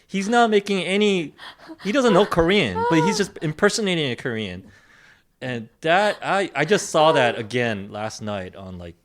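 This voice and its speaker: A man's voice: fairly high pitch, a bit bright. A man hosting a podcast in casual chat, joking and laughing often. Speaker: podcast host.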